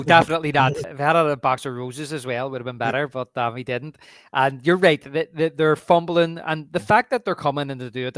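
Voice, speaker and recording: A man's voice: medium pitch, dry recording. Belfast guy on a movie podcast, chatty, keeps jumping into movie quotes, dead dry sound. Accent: Northern Irish (Belfast). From Northern Ireland. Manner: animated, acts out movie lines in quick impressions. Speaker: podcast co-host. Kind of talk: casual film chat.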